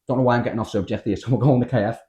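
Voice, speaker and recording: A young man with a Scouse accent, telling a story in casual podcast chat, animated and full of slang and swearing. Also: mid-range voice, very fast. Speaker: podcast host.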